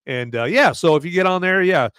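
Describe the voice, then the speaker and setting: A man's voice: high-pitched, expressive, brisk, a bit bright, clean tone, no echo, studio quality. Rambling man with many fillers. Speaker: podcast host. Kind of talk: casual movie and beer review.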